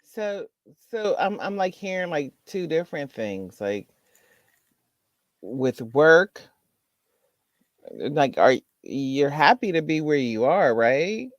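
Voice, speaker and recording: A man's voice: a little high, big pitch swings, slow, long pauses, dry recording, lo-fi sound. A man who is a guest on a podcast, chatting casually, thinking aloud as he restarts and repeats his questions. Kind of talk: casual chat.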